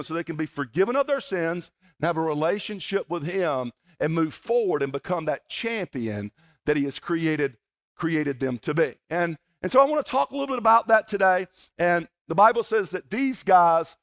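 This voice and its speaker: A pastor from South Georgia with a Southern US accent, preaching a folksy, conversational sermon at a church service, with playful asides to the congregation. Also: male voice, high voice. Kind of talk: sermon with prayer and personal storytelling.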